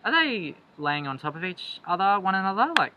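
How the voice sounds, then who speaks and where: A young man, chatting through a date story in a lively, jumpy way. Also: sits high, a little fast, background noise. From Australia. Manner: animated, jumps into quoted voices, laughs a lot. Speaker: vlogger. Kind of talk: storytime chat.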